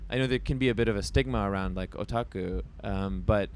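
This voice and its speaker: A man with a voice a little on the low side chats in an easygoing interview backstage at a festival, inside a trailer. He talks loosely, fills his sentences with "like" and often starts over mid-thought. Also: fairly quick, a little hiss or hum. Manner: chatty, heavy use of "like", frequent restarts. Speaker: musician being interviewed. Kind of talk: casual backstage conversation.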